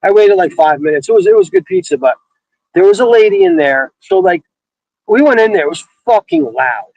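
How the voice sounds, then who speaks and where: A man's voice: high-pitched, huge pitch swings, darkish tone, no echo, rough recording. A man co-hosting a casual talk show, swearing and stumbling over his words as he tells a story. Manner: profane, halting, repeats his words. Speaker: podcast co-host. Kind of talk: casual banter.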